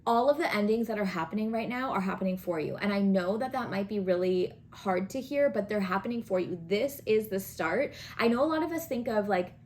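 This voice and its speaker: Her medium-pitched voice is expressive and brisk, with few pauses. This tarot reader talks to camera in a casual, chatty, earnest way, using a coaching, encouraging tone and checking in often with "right?" and "okay?"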